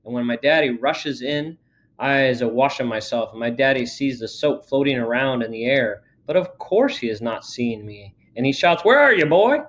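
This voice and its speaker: A man reading a children's book aloud in a lively storytelling manner. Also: medium pitch, normal speed. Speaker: reader.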